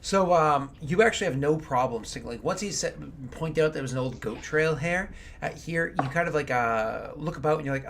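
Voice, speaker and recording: A man's voice: on the high side, brisk, creaky, few pauses, a bit bright, a little hiss or hum. Easygoing male game master narrating.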